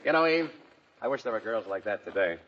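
A man's voice: lowish voice, animated. Wisecracking man on an old radio show. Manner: wisecracking, boastful, quick comebacks. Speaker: comedy show host. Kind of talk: 1940s radio comedy. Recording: dull old radio broadcast with hiss.

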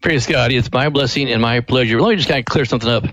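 A middle-pitched man tells a long family story in a folksy, earnest manner. He speaks as a radio interview guest, and the recording is dry and close. No room is heard around him. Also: fast, fairly bright tone, no echo, lo-fi sound. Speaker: ministry director, guest.

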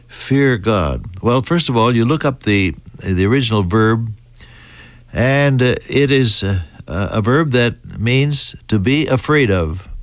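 Deliberate American preacher, dry sound. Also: male voice, on the low side, no room sound. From United States. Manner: deliberate, halting, with fillers and restarts. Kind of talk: radio Bible teaching.

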